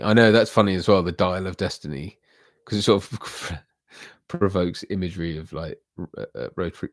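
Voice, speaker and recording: A man's voice: low voice, no echo, studio quality. A man hosting a casual livestream, chatting loosely with viewers in a rambling, self-deprecating way. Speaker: livestream host.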